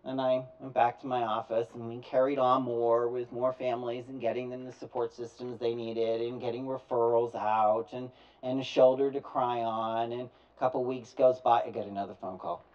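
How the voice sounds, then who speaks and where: Man, storytelling talk, animated, plays out both ends of calls; distant dull recording. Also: mid-range voice, normal speed, hardly any pauses. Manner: animated, acts out both sides of phone calls. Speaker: speaker telling his story.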